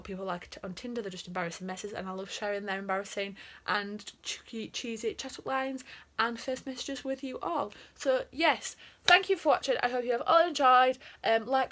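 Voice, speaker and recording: Giggly young woman vlogging. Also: on the high side. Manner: giggly, chatty, lively. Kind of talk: casual chat reading messages aloud.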